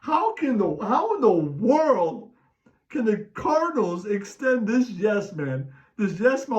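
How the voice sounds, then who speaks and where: High-voiced man on a fired-up fan rant. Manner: animated, refers to himself in the third person. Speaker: podcast host ranting as a sports fan. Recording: distant mic, dull lo-fi sound.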